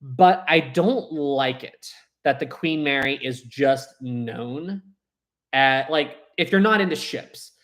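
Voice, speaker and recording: A young man hosting a casual live stream, rambling and animated, often restarting his sentences and reading viewer chats aloud. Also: medium pitch, slow.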